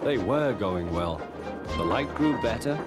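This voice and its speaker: British male narrator, lively storybook delivery, music bed. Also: lowish voice, unhurried. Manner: lively and expressive.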